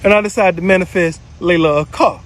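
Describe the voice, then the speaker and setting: A man casually telling viewers a story, animated and swearing freely, swinging between loud and low. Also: brisk. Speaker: spiritual video creator.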